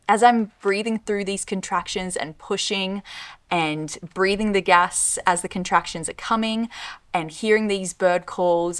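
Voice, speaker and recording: A woman's voice: mid-range voice, fairly bright tone. A young Australian woman recounting a personal experience in the present tense, in a reflective and vivid way. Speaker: vlogger co-host. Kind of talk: personal storytelling.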